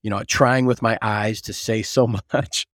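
A man guest on a casual podcast interview, an animated storyteller who restarts often and leans on "you know". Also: fairly low pitch, measured pace, no room sound, clean studio sound. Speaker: guest, agribusiness recruiting consultant.

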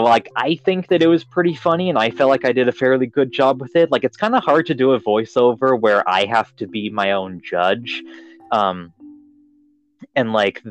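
A man's voice: fairly low pitch, highs cut off. A young man hosting a podcast in casual chat, rambling with lots of fillers and restarts. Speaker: podcast host.

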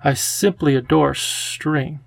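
A man voicing a charming, theatrical male cat with a genteel, drawn-out, fussy way of talking. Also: on the high side, vocal fry, no room sound. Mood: playful, affectionate.

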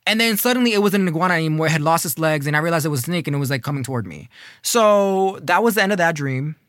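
A young man casually telling a personal story, slangy and animated, with lots of fillers. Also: on the high side, very fast, dry recording, studio quality.

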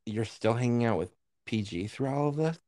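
A man's voice: medium pitch, animated, moderate pace, warm tone, no room sound, clean studio sound. A man co-hosting a podcast in casual chat, supportive and chiming in with short replies. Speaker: podcast co-host.

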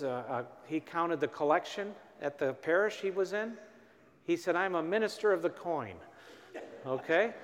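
A man preaching a sermon at a parish mission, telling personal stories in a folksy, gently humorous way. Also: on the high side. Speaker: priest leading a parish mission. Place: church. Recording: echoey church with long reverb.

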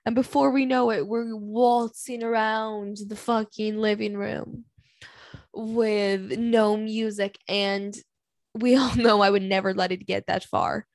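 In a dry recording, a young podcast host rants on her own about dating pet peeves, her mid-range voice slow and fairly even in intonation. She is blunt and dramatic, swears freely and sighs often.

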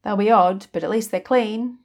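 A woman's voice: mid-range voice, normal speed, darkish tone, pitched above the performer's own voice, close to an everyday voice. A woman voicing a grumpy laundromat owner who is awkward with people, speaking in a dry, matter-of-fact way.

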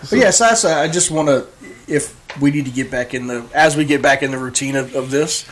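A man's voice: mid-range voice, fairly quick, fairly bright tone. Male podcast co-host, earnest casual talker, light background noise. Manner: earnest, many fillers. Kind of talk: casual chat.

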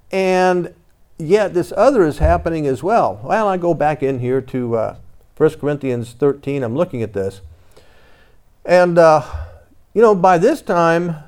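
A man's voice: a little high, darkish tone. A man preaching a conversational sermon, telling his own story and reading scripture aloud in old-fashioned wording. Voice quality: reads scripture in King James wording.

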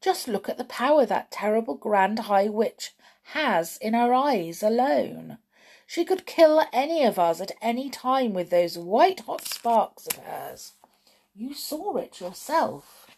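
Woman doing a sharp eager old granny from a storybook, gravelly edge, gets loud then goes hushed. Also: on the high side, lively intonation, unhurried, pitched above the performer's own voice. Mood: earnest. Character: excited elderly grandmother, sharp and fond.

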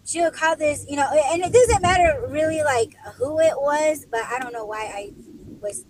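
A woman's voice: sits high, moderate pace, poor audio. A young woman, a podcast host, telling casual stories while driving deliveries, chatty and laughing often with lots of fillers. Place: in a car. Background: faint vehicle noise.

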